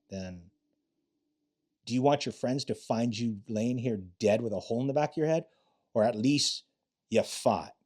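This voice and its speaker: Speaking a little fast at medium pitch, with a darkish tone, a retired cop in his late fifties recounts stories in a casual interview. His tales are blunt and profane, and he performs the quoted lines.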